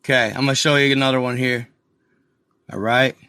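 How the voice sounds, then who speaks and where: A man's voice: medium pitch, fairly even intonation, fairly quick, sharp tone, clear, resonant tone, dry recording, studio quality. A man hosting a live stream, rambling casually over a map, calling his viewers y'all and muttering exasperated asides to himself. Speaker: channel host.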